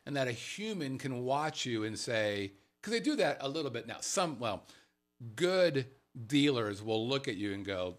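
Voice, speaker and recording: A man's voice: medium pitch, very animated, normal speed. A man hosting a casual talk show, swearing freely and acting out quotes in funny voices. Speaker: podcast host. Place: Las Vegas.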